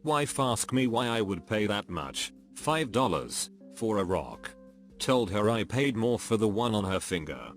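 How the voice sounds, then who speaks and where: Male narrator, lower register, expressive lively read of short anecdotes, soft music bed behind. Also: measured pace. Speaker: narrator reading online posts. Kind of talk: scripted narration.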